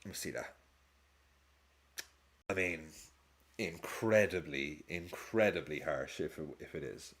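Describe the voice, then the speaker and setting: A man's voice: a bass voice, a little slow, long pauses, a bit bright. A man with a casual, rambling manner, chatting and laughing often as he hosts a live football watch-along stream.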